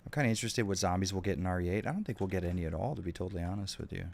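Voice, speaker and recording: A man's voice: deep voice, rapid-fire, creaky. A man streaming a game, chatting casually with his viewers, swearing often and reacting to their messages. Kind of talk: casual gameplay stream chat.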